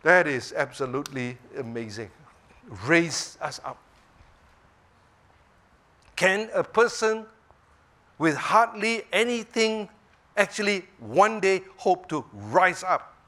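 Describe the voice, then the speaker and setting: A male preacher delivers a sermon in a high voice. He speaks slowly and emphatically. He keeps pausing to check that his listeners are following. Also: big pitch swings, a bit bright.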